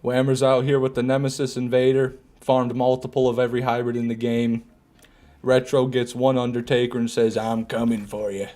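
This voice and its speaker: A man with a mid-range voice talks fairly quickly while streaming a game. He reads his chat in a relaxed, joking way, repeating himself as he goes.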